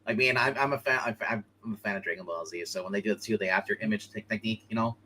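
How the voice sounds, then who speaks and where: A man hosting a live online comic book show, chatting casually and excitedly, laughing often and acting out lines from the panels. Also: on the low side, a little hiss or hum, poor audio. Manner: excitable, laughing, acts out comic lines in quick put-on voices. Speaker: podcast host.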